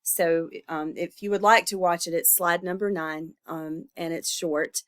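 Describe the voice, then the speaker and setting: A woman's voice: fairly low pitch, fairly even intonation, a bit bright. Stuffy-voiced woman giving a lecture. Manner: informal, halting with fillers and self-corrections. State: stuffy, congested from illness. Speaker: instructor. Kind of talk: recorded lecture.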